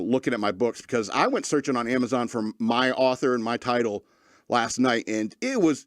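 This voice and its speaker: A man hosting a comedy radio show, rambling through his monologue with plenty of fillers and restarts. His voice is mid-pitched and ordinary. The sound is dry and close. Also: no room sound.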